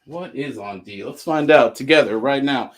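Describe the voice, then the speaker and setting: Chatting casually and joking while reading out items, a man with a Southern American accent hosts a live sale. He has a mid-range voice and speaks at normal speed, with a little hiss or hum in the background.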